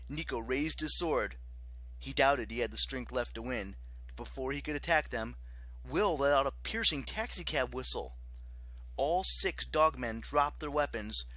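A man narrating an audiobook in an expressive, dramatic way. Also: medium pitch, no room sound.

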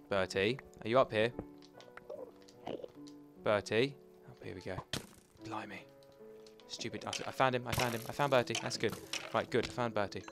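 A young man giving chatty, excitable commentary over his own gameplay as host of a gaming channel. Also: fairly low pitch.

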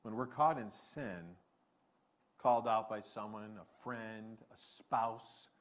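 A male pastor delivering a sermon with animated, emphatic preaching. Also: fairly low pitch, takes it slowly.

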